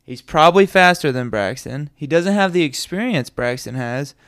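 A man's voice: a little high, animated, moderate pace, fairly bright tone. A man hosting a sports podcast, talking casually and bluntly, with strong opinions and some mild cursing. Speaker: podcast host.

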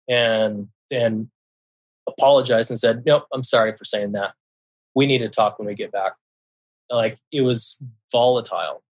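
A middle-aged man from the United States tells a personal story as a podcast guest, with a medium-pitched voice. He talks candidly and stumbles over his words. He repeats phrases as he relives the events. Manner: candid, recounting dialogue, swears freely, many restarts.

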